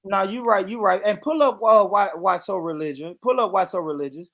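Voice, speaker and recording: A man's voice: high-pitched, fairly quick, vocal fry, a bit bright. Teasing slangy man hosting a stream. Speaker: stream host. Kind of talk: casual banter.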